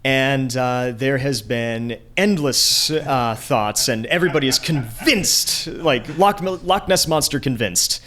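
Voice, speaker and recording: A man's voice: medium pitch, slow, hardly any pauses, a bit bright. Chatty, upbeat male interviewer. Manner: chatty, enthusiastic, laughs easily. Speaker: interviewer host. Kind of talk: casual convention interview. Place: anime convention.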